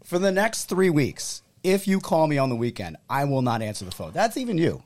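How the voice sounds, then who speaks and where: A man hosting a sports podcast in easy banter with his co-host. His pitch rises and falls a great deal as he acts out what people said. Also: brisk. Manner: animated storyteller, acts out quotes.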